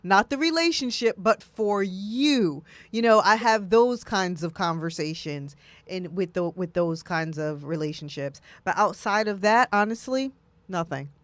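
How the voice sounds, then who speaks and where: Animated woman in a dry close-mic talk. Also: medium pitch, unhurried, dry recording. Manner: animated, acts out quoted voices. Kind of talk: casual talk show conversation.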